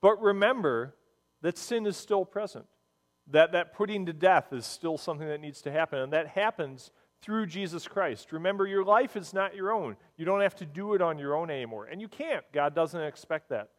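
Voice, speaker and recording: A man preaching a sermon, telling stories in an earnest, animated way. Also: fairly high pitch, moderate pace, big-room sound. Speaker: pastor.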